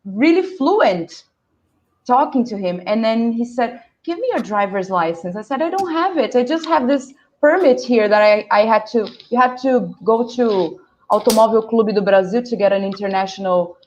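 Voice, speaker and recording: A Brazilian woman whose first language is Portuguese, speaking English with a Brazilian accent, telling a lively story on a video call and acting out the voices in it. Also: a little high, normal speed, highs cut off, a little hiss or hum. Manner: animated, laughing, acts out quoted voices. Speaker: guest English teacher. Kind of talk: storytelling in a live online panel.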